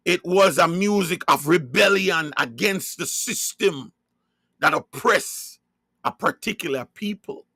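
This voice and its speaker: A man's voice: on the high side, gravelly, sharp tone, no room sound, clean studio sound. A man from Jamaica with a Jamaican accent, preaching emphatically in a livestreamed religious talk and asking rhetorical questions.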